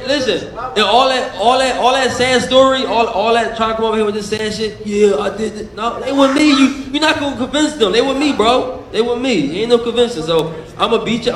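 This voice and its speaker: High, echoey boastful man trash-talking. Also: moderate pace, a bit bright. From Philadelphia. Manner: boastful, profane, laughing, keeps cutting in. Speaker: boxer. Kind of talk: press conference trash talk.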